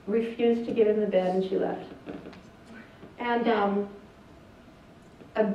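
A woman's voice: medium pitch, slight background noise. An older woman doctor, telling a family story in an earnest, plainspoken talk with hesitations. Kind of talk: presentation. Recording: distant echoey lo-fi hall recording.

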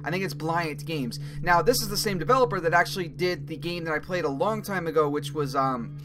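A young man playing a horror game, talking through it in an excitable, jumpy way and swearing at scares. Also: fairly high pitch, brisk, music in the background. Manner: excitable, jumpy reactions, swearing, thinking aloud. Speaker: gaming YouTuber. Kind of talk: let's play commentary.

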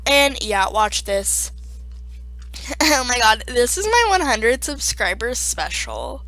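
A woman YouTuber in a casual vlog, excitable and gushing, swearing freely. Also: a little high, slow pace, no echo. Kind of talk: casual subscriber-special vlog.

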